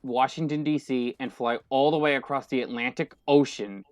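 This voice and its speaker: A young man co-hosting a podcast, ranting in casual chat with an exasperated, halting manner full of fillers and restarts. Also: medium pitch, no echo. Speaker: podcast co-host. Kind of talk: casual movie-rant chat.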